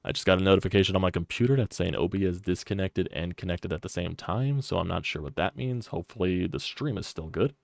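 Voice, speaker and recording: A man's voice: low voice, quick pace, creaky, few pauses, no echo, clean studio sound. A young man ranting on a live sports stream, frustrated and profane, repeating himself as he talks.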